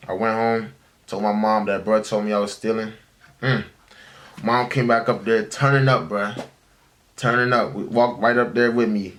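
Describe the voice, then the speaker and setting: A man's voice: fairly low pitch, fairly even intonation, moderate pace, a bit bright. A young man in his twenties telling casual stories to the camera in a laid-back, slangy way. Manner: laid-back, slangy, addresses listener as bruh. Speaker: storyteller. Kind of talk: casual storytelling vlog.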